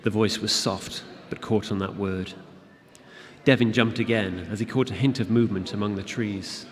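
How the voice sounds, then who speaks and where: A man reading his fantasy novel aloud to an audience at a convention, in a steady, measured narration. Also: lowish voice. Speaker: author reading his book. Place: convention event room. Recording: long hall reverb with audience.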